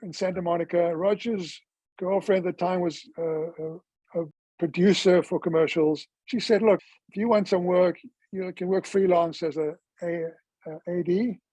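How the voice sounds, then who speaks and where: High-voiced man in his sixties. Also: fairly even intonation, moderate pace, mellow, no echo, rough recording. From South Africa. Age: 60s. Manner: chatty storyteller who acts out quoted dialogue. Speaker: interviewee. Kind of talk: casual life-story interview.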